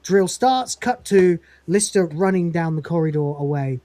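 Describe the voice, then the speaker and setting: A woman's voice: fairly low pitch, lively intonation, moderate pace, mellow, no room sound. A woman co-hosting a casual review chat who retells scenes, quoting the lines in character and laughing often. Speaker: podcast co-host reviewing episodes.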